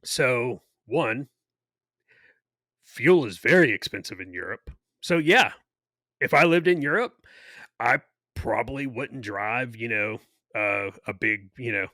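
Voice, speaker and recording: A man's voice: mid-range voice, lively intonation, takes it slowly, pauses often, sharp tone, no room sound. A man co-hosting a podcast, talking casually and rambling with many fillers. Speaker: podcast co-host.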